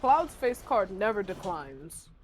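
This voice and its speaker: A woman's voice: medium pitch, sing-song, slow. A woman chatting in a gaming voice call, teasing and playful. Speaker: voice chat friend. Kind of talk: casual voice chat.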